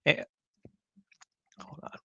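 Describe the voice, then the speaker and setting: A man hosting a community news livestream, rambling casually as he clicks through a website and greets viewers by name, a bit choked up and clearing his throat. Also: slow, sharp tone, dry recording, highs cut off. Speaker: livestream host.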